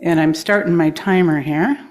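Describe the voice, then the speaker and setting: A woman speaker at a congregation gathering, gently guiding listeners through breathing and grounding, encouraging and quick to laugh. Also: low voice. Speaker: guest speaker. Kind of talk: guided breathing exercise in a talk. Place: congregation hall.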